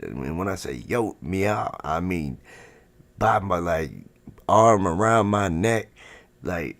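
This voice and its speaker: A man's voice: deep voice, a bit bright. A man hosting a livestream, telling a story in a casual, rambling way, full of swearing and "you know what I'm saying". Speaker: livestream host.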